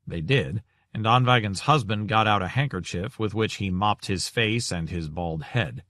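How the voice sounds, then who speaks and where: A man narrating an audiobook in a measured, composed way. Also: lowish voice, pushed and bright, no echo, studio quality. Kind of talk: scripted narration.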